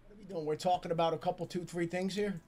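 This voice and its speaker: A middle-aged man, co-hosting a casual reaction stream and ranting loudly with profanity and rapid repeated questions. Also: sits high, steady tone. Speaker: streamer's father, co-host.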